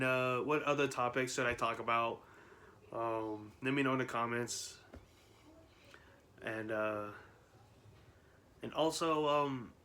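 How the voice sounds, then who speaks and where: A man's voice: mid-range voice, a bit bright. A man vlogging in casual chat, rambling with frequent laughs, restarts and fillers.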